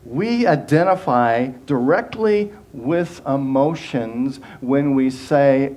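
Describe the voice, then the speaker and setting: A man's voice: medium pitch, slow pace, few pauses, darkish tone. A man giving a sermon as minister, earnest and conversational, often restarting phrases and acting out quoted voices.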